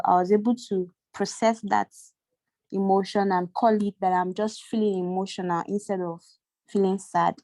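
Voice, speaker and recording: A woman from Nigeria sharing a personal story on a video call, halting and tearful, with many restarts. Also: medium pitch, a little mellow, no room sound. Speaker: workshop participant.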